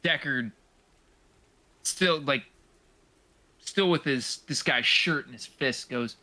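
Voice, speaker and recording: A man's voice: mid-range voice, slow, long pauses, pushed and bright. A man playing a tabletop game in a casual, easygoing way, laughing often. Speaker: player.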